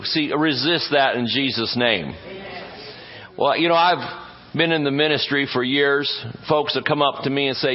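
A man's voice: mid-range voice, a little slow, some chatter behind. A man preaching a sermon as pastor, folksy and joking, stretching words for emphasis. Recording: dull muffled audio.

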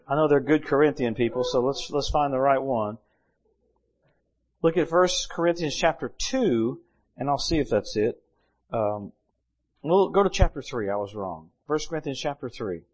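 A middle-aged man preaching a sermon, reading Bible verses and telling stories with lively humor. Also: medium pitch, normal speed.

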